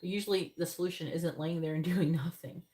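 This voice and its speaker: A woman's voice: fairly low pitch, fairly even intonation, fairly quick, warm tone. A woman giving a live-stream tarot reading, talking bluntly in a rambling way and swearing casually. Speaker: tarot reader.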